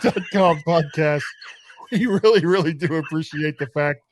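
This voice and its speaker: A man's voice: a little high, normal speed, slight background noise. A middle-aged man hosting a casual podcast chat, joking, laughing often and stumbling over his words. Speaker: podcast host.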